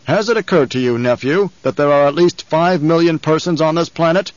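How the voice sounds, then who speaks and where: A slow, sneering old baron who looms over everyone he speaks to, as a man reads him for an audiobook. His drawl is measured and domineering, slightly raised, on a dry, faintly muffled recording. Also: fairly high pitch, no echo, pitched above the performer's own voice, lightly acted. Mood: contemptuous. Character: scheming obese old baron, menacing and contemptuous.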